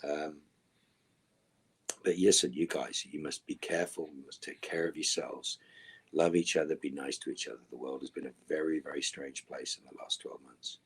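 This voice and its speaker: A middle-aged man answering fan questions in a virtual Q&A panel over a video call. He is dry and wry, and often trails off into soft, mumbled asides. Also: rumbling low, fairly even intonation, moderate pace, slightly rough.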